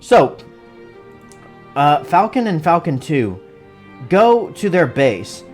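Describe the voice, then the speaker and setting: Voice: mid-range voice, big pitch swings, takes it slowly, soft background music. A movie reviewer giving a casual, rambling recap full of jokes and frequent laughter. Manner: rambling and joking, laughs often. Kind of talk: casual spoiler-filled recap.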